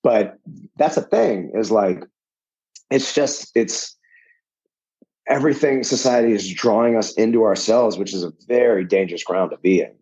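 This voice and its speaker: Pittsburgh guy, boxing coach on a podcast, joky and rambly, kinda husky, bit muffled audio. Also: lowish voice. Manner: animated and joking, quick tangents and restarts. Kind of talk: casual chat.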